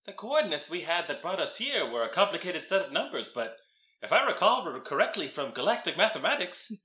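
A playful man takes his turn in a tabletop game. His high voice swings widely and sounds very bright, with a roomy echo. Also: big pitch swings, a little fast. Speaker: player. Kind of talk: casual game play.

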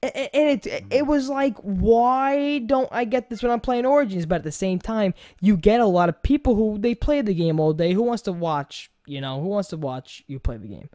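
A young man with a thick New York accent hosts a laid-back podcast. He rambles in an animated way, repeats himself and restarts, and swears casually as he talks. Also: high-pitched, moderate pace, hardly any pauses. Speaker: podcast host.

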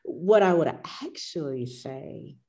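Low, mellow-voiced woman yoga teacher. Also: lively intonation, takes it slowly. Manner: reflective, storytelling, acts out her own past voice. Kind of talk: casual conversation.

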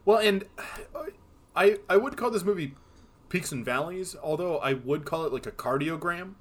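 A man's voice: on the high side, animated, normal speed. A man co-hosting a film podcast, casually retelling movie scenes in a rambling way, full of fillers. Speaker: podcast co-host.

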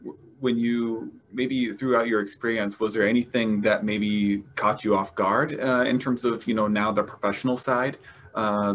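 A man's voice: lowish voice, a little hiss or hum. A man hosting a casual interview, asking long, hesitant questions with many fillers. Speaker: interviewer, host.

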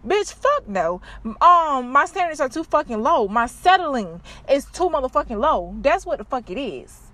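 A woman's voice: high voice, moderate pace, no room sound. A young woman, ranting bluntly and profanely to her viewers in a casual vlog. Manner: blunt, profane, animated storytelling. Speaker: vlogger. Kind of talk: casual unscripted rant to viewers.

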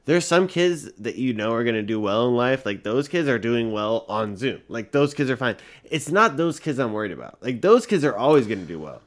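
A man's voice: medium pitch, sing-song, fairly quick, hardly any pauses. Rambling young man on a podcast. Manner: rambling, filler-heavy, swearing. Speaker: co-host. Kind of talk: casual podcast chat.

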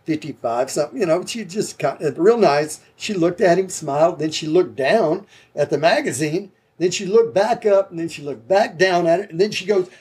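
Husky laid-back man. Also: high voice, normal speed, few pauses, a little mellow. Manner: laid-back, rambling, swears casually. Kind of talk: casual storytelling chat.

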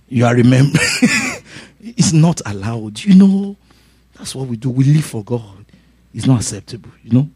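A middle-aged man preaching a sermon in an animated way, laughing and shouting his punchlines. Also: medium pitch, breathy edge, no echo. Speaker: pastor.

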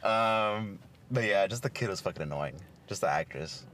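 Low-voiced man in profane casual chat. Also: expressive, moderate pace, a bit bright. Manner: profane, laughing, storytelling. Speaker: podcast co-host.

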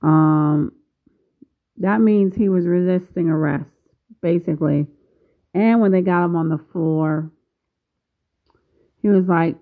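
A woman in her late fifties speaks in a slightly low voice at a very slow, deliberate pace. She pauses often as she talks to her viewers. The sound is thin and phone-like. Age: 50s. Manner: slow, measured, pausing often. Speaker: vlogger. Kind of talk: casual video commentary.

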